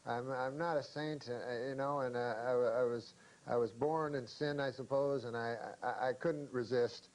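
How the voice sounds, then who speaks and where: A man's voice: medium pitch, fairly even intonation, moderate pace, voice pushed down, natural voice. Role: man doing a folksy coal miner. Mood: confessional. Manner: folksy and plain-spoken, says "by God". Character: hard-working male coal miner, simple and earnest. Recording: noisy archive recording.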